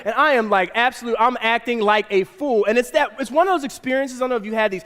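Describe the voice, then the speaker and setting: Pastor guy preaching, high voice, animated, acts out the kids' voices, big echoey church hall. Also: fairly quick, hardly any pauses. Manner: animated, acts out voices of his kids and wife. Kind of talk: sermon storytelling. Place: church auditorium.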